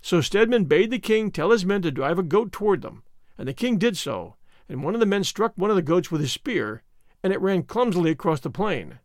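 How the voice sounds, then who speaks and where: Expressive male audiobook narrator. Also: high-pitched, fairly quick, no room sound, clean studio sound.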